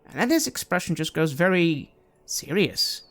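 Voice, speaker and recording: Expressive tabletop game narrator. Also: medium pitch, moderate pace. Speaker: game master.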